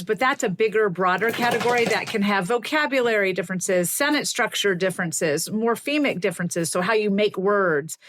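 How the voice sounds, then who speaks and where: A middle-aged woman linguist, a guest on a podcast, explaining ideas in an animated way and laughing often. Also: mid-range voice.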